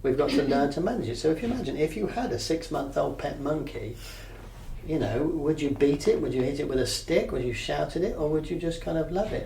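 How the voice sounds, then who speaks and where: Male coach, slightly higher voice, conversational teaching with frequent check-ins, roomy echo. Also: lively intonation, fairly quick, creaky, warm tone, slight background noise. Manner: conversational, checks understanding often. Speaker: mindfulness coach and therapist. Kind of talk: teaching a group session. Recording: echoey room, mic at a distance.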